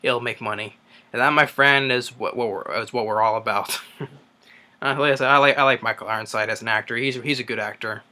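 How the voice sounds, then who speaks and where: A man's voice: mid-range voice, fairly even intonation, fairly quick, bright, forceful tone. A young man casually recapping a film's plot, rambling with lots of fillers and restarts. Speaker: movie reviewer. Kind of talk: casual spoken movie recap.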